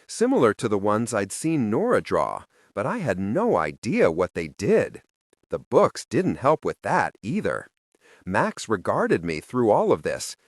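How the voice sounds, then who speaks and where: A man narrating a story in the first person, with expressive, scripted delivery. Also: on the low side, dry recording, clean studio sound. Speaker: audiobook narrator.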